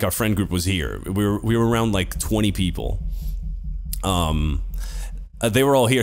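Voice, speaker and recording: Animated young man telling a story. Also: fairly low pitch. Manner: rambling, swearing, laughing through story. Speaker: podcast co-host. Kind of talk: casual storytelling chat.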